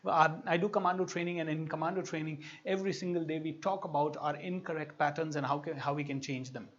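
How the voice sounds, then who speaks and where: A man's voice: fairly high pitch, steady tone, quick pace, highs cut off. An Indian man giving a motivational talk as a coach, telling stories animatedly and acting out quoted voices. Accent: Indian English.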